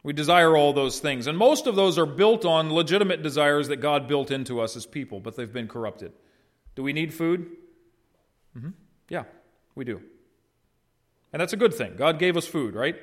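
A man preaching a sermon as pastor, in a conversational way, putting questions to his congregation and answering them himself. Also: mid-range voice.

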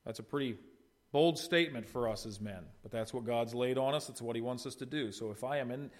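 A man's voice: mid-range voice, a little fast. Man preaching in a conversational sermon. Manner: conversational preaching with rhetorical questions and brief retold dialogue. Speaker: pastor.

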